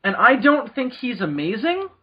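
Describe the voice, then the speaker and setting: A man co-hosting a podcast in casual chat, jokey and quick to laugh. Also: very high voice, big pitch swings, slightly rough. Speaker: podcast co-host. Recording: dull lo-fi recording.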